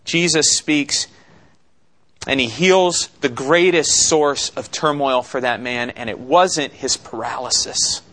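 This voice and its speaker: A man preaching an expository sermon, slow and deliberate, with dramatic pauses and rhetorical questions. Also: mid-range voice, fairly bright tone. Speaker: pastor.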